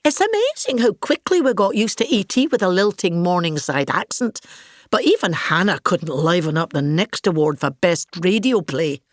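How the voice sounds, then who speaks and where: A pompous older Scottish actress. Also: female voice, lowish voice, big pitch swings, normal speed, dry recording, clean studio sound. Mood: grand. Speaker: comic monologue narrator. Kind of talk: scripted comic monologue.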